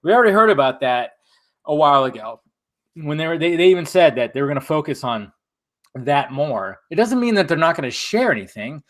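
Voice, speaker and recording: A man's voice: fairly high pitch, big pitch swings, fairly quick, fairly bright tone. Chatty young man hosting a live stream. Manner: laid-back, chatty, swears casually. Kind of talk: casual live-stream chat, reading viewer comments.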